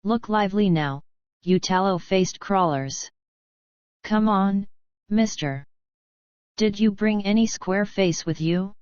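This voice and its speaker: A woman's voice: medium pitch, slow, long pauses, a little mellow, smooth, dry recording, lo-fi sound, lightly acted. A woman reading the lines of a brusque, bossy older male bush cattleman, broke and blustering, in a storybook. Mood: gruff.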